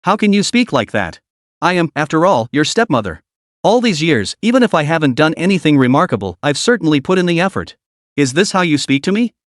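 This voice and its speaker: A man's voice: a little high, big pitch swings, brisk, no echo, studio quality. A man voicing a scheming, arrogant middle-aged stepmother in an audiobook-style recap, coaxing one moment and icy the next. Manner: coaxing then icy, sly giggling.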